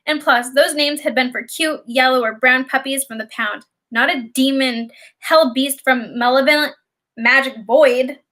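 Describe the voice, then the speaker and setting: A woman reading a children's novel aloud as an audiobook narrator, in expressive, lively storytelling. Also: high voice, a little slow.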